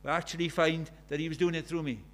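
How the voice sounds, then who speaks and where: Older male preacher, high-pitched, earnest sermon delivery with soft asides and fervent peaks. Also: flat delivery, fast. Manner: earnest, swinging between soft and emphatic, acts out quoted prayers.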